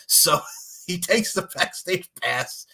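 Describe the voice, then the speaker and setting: Young podcast guy ranting about a movie, swearing a lot, bright husky voice, super animated. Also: high voice, slow pace. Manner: animated, swearing, acts out characters' lines. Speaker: podcast co-host. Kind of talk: casual podcast chat recapping a movie.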